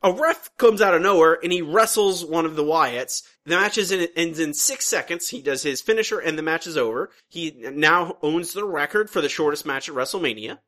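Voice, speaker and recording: Bright-voiced man recapping casually. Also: on the high side, lively intonation, a little fast, few pauses. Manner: rambling, restarts sentences, recaps at length. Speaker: podcast co-host. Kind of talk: casual chat.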